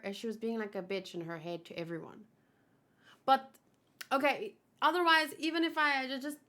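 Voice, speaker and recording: Bright-voiced chatty woman host. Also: fairly high pitch. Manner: chatty and giggly, quick asides. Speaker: manga read-along host. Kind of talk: casual chat and reading aloud.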